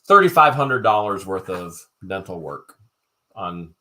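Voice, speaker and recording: A man running a live-stream auction, his voice bright and forward as he calls the high bids loudly and trades jokes with the chat. He keeps a casual, playful patter going between the lots. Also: very animated, a little slow. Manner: joking, loud announcer-like calls. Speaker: livestream auction host.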